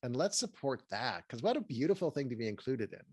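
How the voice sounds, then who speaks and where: An earnest male therapist answers interview questions in a mid-range voice. He explains things in a measured, reassuring way. The sound is dry and close, with no room echo. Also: medium pitch, sing-song, darkish tone, breathy edge. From Pasadena, California. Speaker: therapist and author, guest.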